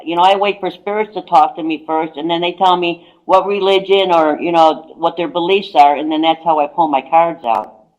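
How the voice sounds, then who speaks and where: A woman's voice: on the low side, steady tone, moderate pace, a little mellow, highs cut off. A woman psychic guest on a radio talk show, casually telling a long anecdote and repeating "I says" as she goes. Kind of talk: casual radio chat, storytelling.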